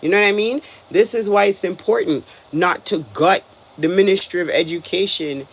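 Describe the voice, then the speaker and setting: A man's voice: high voice, normal speed, vocal fry, a bit bright, a little hiss or hum. A man from Canada talking casually as a reaction video host, exasperated and rambling, with lots of "like"s. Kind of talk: casual commentary.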